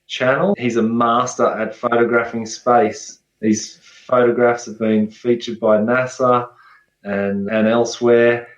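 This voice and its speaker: A man talking as a guest researcher in a relaxed, friendly, plain-spoken way. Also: mid-range voice, a little slow, echoey room, dull audio. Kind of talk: casual interview chat.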